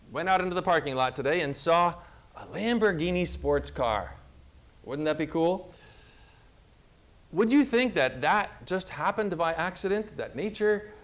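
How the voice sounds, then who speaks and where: High-voiced emphatic male preacher. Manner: emphatic, questions listeners and reads scripture aloud. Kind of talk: sermon.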